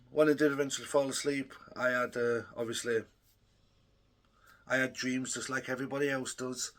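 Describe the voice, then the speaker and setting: A man's voice: mid-range voice, pushed and bright. A young man telling a rambling, profane story in a casual vlog, full of ums and uhs. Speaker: vlogger.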